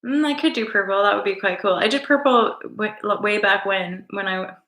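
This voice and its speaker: A woman chats loosely to her live viewers, rambling and teasing with an affectionate, playful lilt. Her voice sits in the middle of the range and comes across bright and forceful. The sound carries a roomy echo. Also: mid-range voice, fairly even intonation, a little fast. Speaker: livestream host. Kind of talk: casual live-stream chat with viewers.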